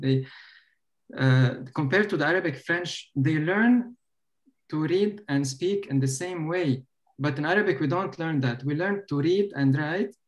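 A man hosting a casual panel discussion over a video call, thinking aloud with lots of halting restarts. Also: a little high, low-quality recording. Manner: hesitant, many restarts, laughs easily. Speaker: panel host.

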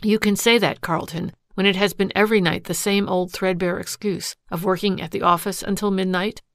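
A woman voicing a hurt, bitter young wife who speaks in sharp, accusing outbursts. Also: medium pitch, steady tone, fairly quick, dry recording, clean studio sound, natural voice.

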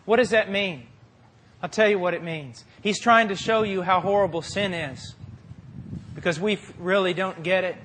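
A man preaching a sermon with passion, moving from quiet, deliberate phrases to forceful peaks. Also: high-pitched, a little hiss or hum. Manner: impassioned, swings from quiet to forceful.

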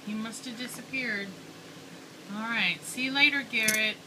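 Playful, high-voiced mom. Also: female voice, moderate pace. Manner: playful, sing-song, talking to a small child. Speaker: mother vlogging with her young son. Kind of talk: casual home video chat. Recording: noisy home video recording.

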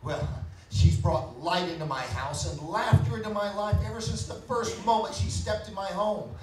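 A man's voice: high-pitched, darkish tone, faint music behind, close to an everyday voice. A man playing a hesitant, awkward boss. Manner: hesitant, halting with fillers. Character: reserved, awkward male boss confessing feelings. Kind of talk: community stage musical acting. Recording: echoey hall from far off.

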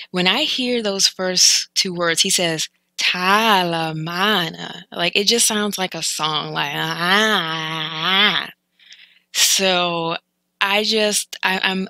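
A woman explaining phrases from a TV clip in a chatty way, repeating words slowly to show how they sound. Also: on the low side, bright, forceful tone, no echo, poor audio. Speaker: language learning vlogger.

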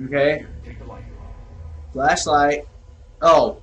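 A young man giving casual let's play commentary on a horror game, excitable and swearing, trash-talking the enemies with jokey running remarks and sudden yelps. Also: a little high, normal speed, long pauses. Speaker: gamer playing a horror game.

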